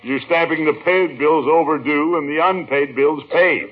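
An actor playing a pompous, easily flustered uncle who blusters and sputters, in an old radio comedy. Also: male voice, on the high side, moderate pace, breathy edge, dull audio. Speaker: lead comic character. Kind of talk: 1940s radio comedy acting.

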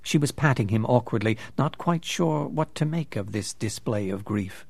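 Male narrator, dramatic audiobook reading, animated pitch, dry sound. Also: moderate pace, gravelly, few pauses, breathy edge, no room sound. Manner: dramatic storytelling. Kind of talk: scripted narration.

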